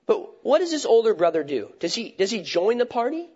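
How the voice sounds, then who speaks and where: A man's voice: high-pitched, sing-song, a little fast, few pauses, dark tone, breathy edge. A man preaching a sermon in a conversational way, asking rhetorical questions and restarting his phrases. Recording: dull lo-fi recording.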